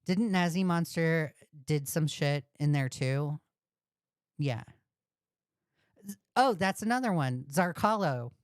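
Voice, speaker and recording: A woman's voice: sits low, animated, takes it slowly, long pauses, clean tone, no echo, clean studio sound. A woman host ranting on a commentary livestream, profane and indignant, repeating insults. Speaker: commentary streamer.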